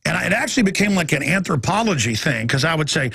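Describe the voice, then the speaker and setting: A man in his forties delivers a ranting talk radio monologue, now and then mocking people in high put-on voices. His voice is gravelly and husky. He sits close to a dry studio mic with faint music beneath. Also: expressive, quick pace, pushed and bright, dry recording. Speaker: radio talk show host.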